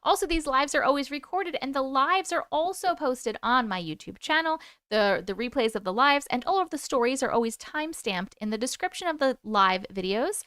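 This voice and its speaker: A woman's voice: high-pitched, expressive, normal speed, hardly any pauses, a bit bright, no room sound, clean studio sound. A woman with a New York accent hosting a casual livestream, chatting away, greeting viewers by name and swearing now and then. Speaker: livestream host and storyteller.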